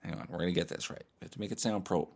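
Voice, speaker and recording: A man's voice: deep voice, steady tone, racing, darkish tone. A man hosting a solo podcast, talking in a profane, self-mocking way and restarting his takes. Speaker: podcast host.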